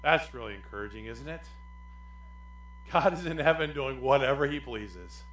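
A man preaching a sermon as pastor, animated, swinging between loud emphatic lines and quiet asides. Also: medium pitch, normal speed, roomy sound, a little hiss or hum, poor audio.

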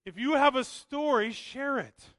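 High-voiced, emphatic male pastor. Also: measured pace, a bit bright, dry recording. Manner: emphatic, asks the congregation rhetorical questions. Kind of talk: sermon.

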